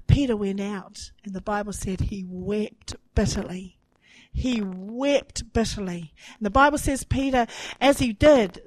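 A woman's voice: mid-range voice, no room sound, low-quality recording. Earnest woman preaching, dry close sound. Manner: earnest, emphatic repetition, voice rising with emotion. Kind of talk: sermon.

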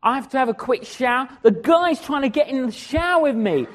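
A man preaching as an evangelist, telling stories in an animated way and acting out the conversations. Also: very high-pitched, brisk, slight background noise. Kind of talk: storytelling sermon.

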